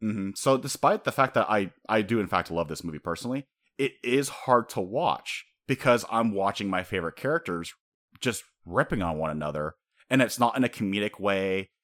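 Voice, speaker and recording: A man casually reviewing an animated film, rambling and animated, with many "like" fillers. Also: lowish voice, normal speed. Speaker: podcast host reviewing an anime film.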